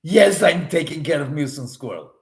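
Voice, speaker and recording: A man's voice: a little high, animated, normal speed, gravelly, darkish tone. A man doing an impression of a scheming male cartoon spy villain with a mock accent.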